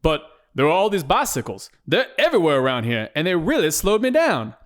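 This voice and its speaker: A man doing a rushed apologetic delivery driver. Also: mid-range voice, sing-song, lightly acted. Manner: quick, apologetic, insistent. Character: harried male delivery driver.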